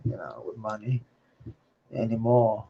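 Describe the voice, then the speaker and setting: Casting: man for a slow, profane vlog rant, gravelly, on a dull lo-fi recording. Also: on the low side, expressive. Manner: profane, rambling, laughs between thoughts. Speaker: vlogger. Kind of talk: rambling personal monologue.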